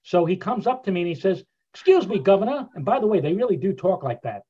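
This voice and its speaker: An older man with a fairly high voice tells stories with animated, rambling energy and frequent restarts. He speaks over a video call, and his audio sounds dull and muffled. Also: quick pace, husky. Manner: animated raconteur, many restarts. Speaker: guest speaker.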